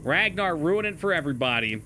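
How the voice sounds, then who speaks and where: A man's voice: fairly high pitch, very animated, fast talker, sharp tone, a little hiss or hum. A young man streaming a game live, chatting casually with his chat, swearing and laughing often.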